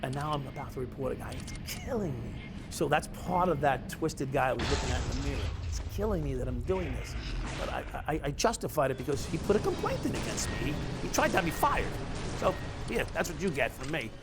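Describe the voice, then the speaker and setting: A middle-aged former police officer tells his own story, speaking fast in a fairly high, sing-song voice. His candid storytelling is blunt, profane and confessional, with music playing in the background.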